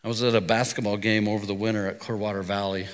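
A man's voice: fairly low pitch, level tone, fast, clear, resonant tone. A middle-aged man preaching a sermon as pastor, telling stories in a conversational way. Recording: long reverb of a hall.

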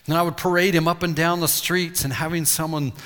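A man's voice: steady tone, fairly quick, fairly bright tone, close to an everyday voice. A man voicing a boastful, self-important male royal official inside a sermon, heard in a reverberant hall. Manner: self-important, then shrill outrage.

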